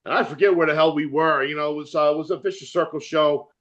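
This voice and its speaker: A man's voice: fairly high pitch, fairly even intonation, fast talker, fairly bright tone, lo-fi sound. A man with a New Jersey accent, a metal musician chatting as an interview guest, rambling, swearing freely and laughing often. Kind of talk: casual chat.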